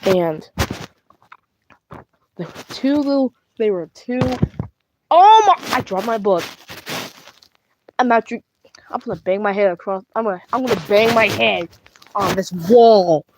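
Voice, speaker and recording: Against a noisy background, a young British woman puppets two plush toys at home, playing both sides of their argument. Her medium-pitched voice moves at a measured pace with frequent pauses as she stumbles, restarts and rambles.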